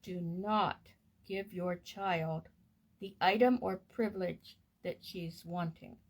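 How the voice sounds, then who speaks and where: Slow, gentle woman reading aloud. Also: fairly low pitch, steady tone. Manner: gentle, measured and soothing. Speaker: reader of a parenting course text.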